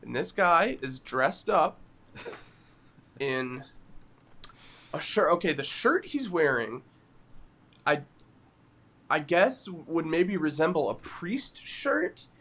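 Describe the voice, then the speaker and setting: A man co-hosting a podcast, telling stories in a giggly, animated casual chat. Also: fairly high pitch, takes it slowly, pauses often. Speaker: podcast co-host.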